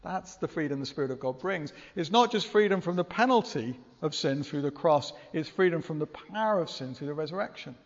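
Male preacher, raised pitch, earnest and chatty, long church reverb, muffled lo-fi sound. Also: lively intonation, fairly quick, hardly any pauses. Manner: earnest, conversational, with rhetorical questions. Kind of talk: sermon.

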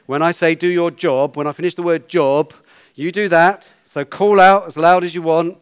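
A man's voice: fairly high pitch, fairly even intonation, normal speed, clear, resonant tone, dry recording, studio quality. A man leading a children's talk in church, playful and coaxing, giving instructions.

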